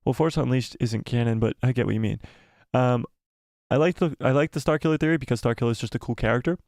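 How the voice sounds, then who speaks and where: A man hosting a live watch party stream, talking excitedly and breathlessly, swearing and repeating himself while reading viewer comments. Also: medium pitch, quick pace, no echo, studio quality.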